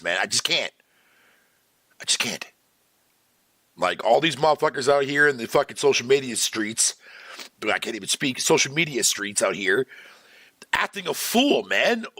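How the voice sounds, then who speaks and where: A man's voice: medium pitch, bright, forceful tone, dry recording. A man streaming live, ranting profanely to his chat in a casual, exasperated way. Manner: talks to chat viewers by name.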